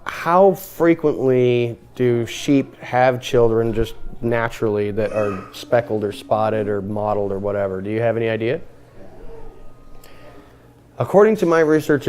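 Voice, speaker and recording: A man teaching a group Bible study, lively, asking the group questions and acting out what the people in the text say. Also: fairly low pitch. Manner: animated, acts out the characters' lines.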